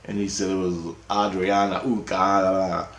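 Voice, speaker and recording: A man's voice: deep voice, flat delivery, a little slow, very noisy. A man telling a long, rambling story in casual, profane speech, often checking in with "right?". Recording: roomy echo.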